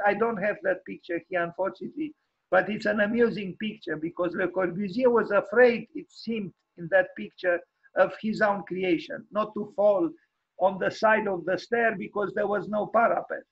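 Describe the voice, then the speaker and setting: A man with a high, gravelly voice that has a husky edge gives an informal online architecture lecture. He talks haltingly, with many fillers and restarts, and offers frank, wry opinions. The audio comes over a video call and sounds dull and lo-fi. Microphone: video call microphone.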